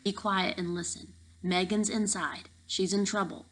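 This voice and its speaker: Woman doing a hushed, urgent hulking guard. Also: mid-range voice, fairly even intonation, unhurried, slight background noise, natural voice, poor audio. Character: huge gruff male security guard. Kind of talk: audiobook reading.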